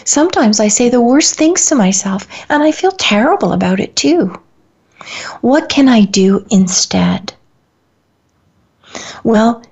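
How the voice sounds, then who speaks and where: Soft-spoken slow woman guiding breathing. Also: mid-range voice, slightly rough. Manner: soft, hushed, slow and soothing. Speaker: radio show host. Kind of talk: guided breathing and imagery exercise. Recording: dull lo-fi radio audio.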